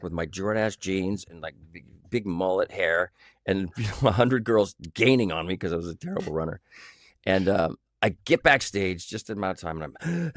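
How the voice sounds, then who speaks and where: A man in his sixties, an actor, telling animated stories in an interview, acting out quoted voices and humming tunes. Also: low-pitched, no echo, clean studio sound. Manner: animated anecdotes with sung sounds and quoted voices. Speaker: actor guest. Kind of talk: storytelling interview.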